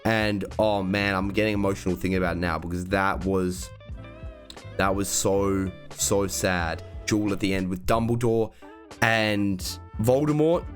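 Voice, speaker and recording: Slow-talking excitable young man. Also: low-pitched, faint music behind. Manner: excitable fan, gushing and emotional about scenes. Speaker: YouTube reaction host ranking films. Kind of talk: casual enthusiastic film review chat.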